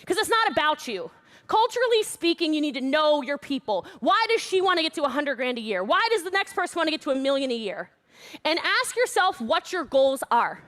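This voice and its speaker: A loud, brash woman giving a playful, high-energy motivational talk at an online event. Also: very animated, brisk. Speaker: motivational speaker.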